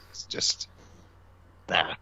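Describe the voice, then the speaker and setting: A man's voice: extremely slow, highs cut off. A man chatting casually on a podcast livestream, telling anecdotes with animation. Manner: storytelling, animated. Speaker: podcast co-host. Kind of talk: casual chat.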